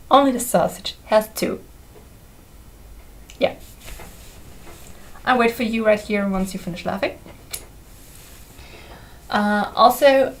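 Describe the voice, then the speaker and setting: A woman's voice: mid-range voice, rough recording. Chatty, bubbly young woman from Austria. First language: German. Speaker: vlogger. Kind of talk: casual review vlog.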